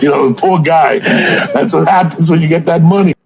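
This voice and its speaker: A man's voice: fairly high pitch, normal speed, vocal fry. A man hosting a podcast, riffing in a sarcastic, mock-sympathetic way. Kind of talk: mocking podcast banter. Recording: noisy background.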